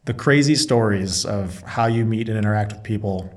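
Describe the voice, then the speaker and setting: A man's voice: lowish voice, normal speed. A man being interviewed, a Marine reservist and business owner, telling a story in casual chat and acting out both sides of the dialogue.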